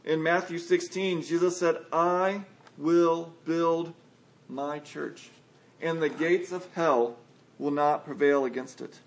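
A man's voice: fairly high pitch, fairly even intonation, slow pace. A man preaching a sermon earnestly, acting out quotes from scripture. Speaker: pastor.

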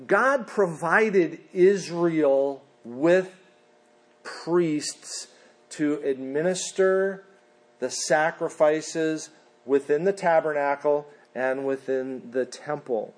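Male pastor, slightly high voice, slow deliberate delivery, earnest sermon. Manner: earnest preaching with shrill put-on voices for quoted people.

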